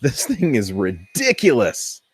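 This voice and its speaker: A man hosting a casual workshop build vlog, chatty and thinking aloud as he tests his machine, easily excited when something works. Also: mid-range voice, unhurried, breathy edge, dry recording. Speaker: 3D printing hobbyist host.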